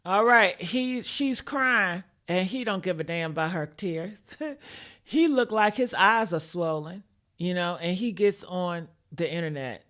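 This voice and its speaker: A woman's voice: fairly low pitch, lively intonation, measured pace, a bit bright. A woman giving brash, profane livestream commentary, chatting with her viewers and teasing them by name.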